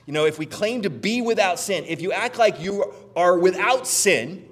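Animated middle-aged male pastor preaching. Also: high-pitched, moderate pace, in a large hall. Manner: animated and conversational, often asking "right?". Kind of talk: sermon.

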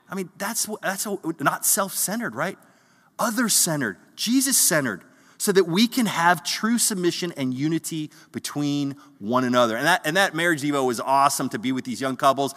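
A man preaches to his congregation in an earnest, conversational way, often stumbling and repeating words as he searches for them. His voice sits high and sounds bright and forceful. The sound carries the long reverb of a church hall. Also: a little fast. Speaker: pastor. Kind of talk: sermon.

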